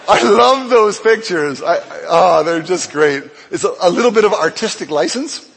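A man pastor preaching a sermon, telling a Bible story with lively acted-out dialogue. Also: moderate pace, gravelly, slight background noise. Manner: animated storytelling, acts out dialogue with swings in pitch and loudness. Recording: long hall reverb.

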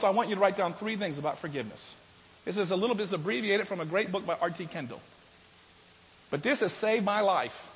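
A man preaches to his congregation in a high, light voice. He talks conversationally, restarts his sentences and swings from loud to soft. The sound carries a long reverb from the hall. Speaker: pastor. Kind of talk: sermon.

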